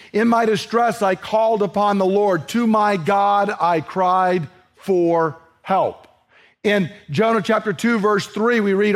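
Male pastor, fairly high voice, emphatic expository preaching. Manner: earnest, emphatic, slows down for scripture readings. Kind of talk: expository sermon.

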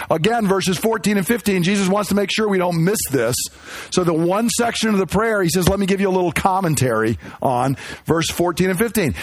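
High-voiced man preaching conversationally. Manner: conversational, self-deprecating, rhetorical questions. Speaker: pastor. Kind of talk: sermon.

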